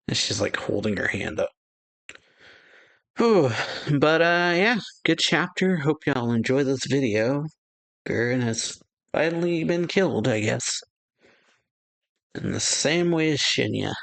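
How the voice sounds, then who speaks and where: A laid-back man with a drawl talks through a comic chapter in an easygoing ramble, his voice sitting at an ordinary middle pitch. He keeps slipping into quoted lines, with little chuckles as he goes. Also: expressive, unhurried, gravelly, pauses often, a bit bright. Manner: retells dialogue with chuckles, loose and rambling. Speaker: manga reaction channel host. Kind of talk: casual chapter recap.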